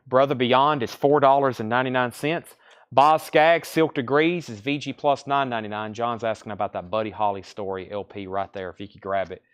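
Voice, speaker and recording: A man's voice: mid-range voice, a bit bright, clean tone. A man with a Southern US accent hosting a live record sale from a store, reeling off album titles and prices with chatty asides. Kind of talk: live-stream sales patter.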